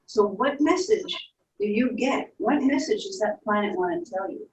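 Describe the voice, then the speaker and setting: A woman leading children through a guided imagination story, in a soft, playful storytelling way with little sound effects. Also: medium pitch, very animated, normal speed, slight background noise. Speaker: instructor leading a guided visualization. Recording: echoey room, distant from mic.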